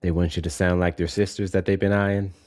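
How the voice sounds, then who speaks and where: A man's voice: deep voice, little pitch movement, brisk, darkish tone, dry recording. A man co-hosting a casual live-stream chat, making dry, wry remarks.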